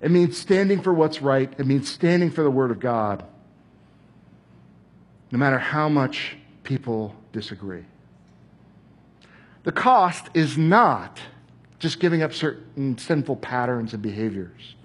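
A man's voice: mid-range voice, measured pace, long pauses, slightly rough. A male pastor giving an earnest sermon, telling a personal story and closing in prayer. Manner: earnest, storytelling, animated when recounting.

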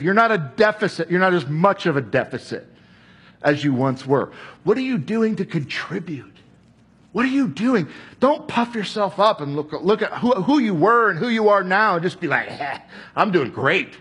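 Husky-voiced man preaching a sermon. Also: high voice, moderate pace. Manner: earnest, storytelling, animated when recounting. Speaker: pastor.

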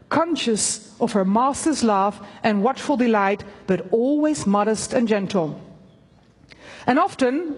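A woman preaching a sermon and reading a story aloud, earnest and halting, with fillers. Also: high voice, slightly rough, in a large hall.

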